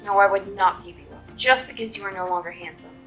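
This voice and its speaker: A woman's voice: mid-range voice, fairly even intonation, fast, bright, forceful tone, faint music behind, natural voice. A woman voicing an earnest, anxious young girl in a storybook reading, with a pleading tone.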